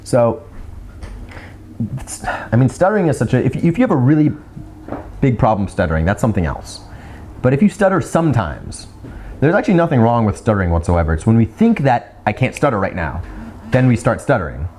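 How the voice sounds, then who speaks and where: A man hosting a video, giving casual advice on speaking clearly, chatty and full of restarts, sometimes slowing into a deliberate rhythmic delivery. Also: mid-range voice, sing-song, a little mellow, slight background noise. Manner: chatty, repeats words, demonstrates slow rhythmic delivery. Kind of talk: casual teaching monologue.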